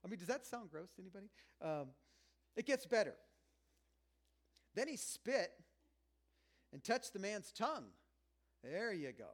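A pastor preaching a sermon in a conversational, joking way, often dropping to a hush and then pushing his voice up loud. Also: sits high, sing-song, a little slow, long pauses. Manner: conversational and joking, swinging between loud and hushed.

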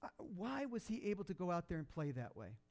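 A man preaching a sermon, telling a story in a conversational way with many fillers and restarts, getting loud when excited and soft and low at sad moments. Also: fairly quick. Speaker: pastor.

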